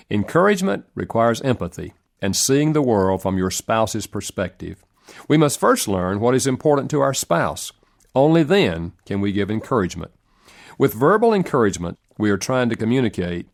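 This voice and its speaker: A man reading a relationship self-help audiobook in a measured, earnest narration with lively rises in pitch. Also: creaky.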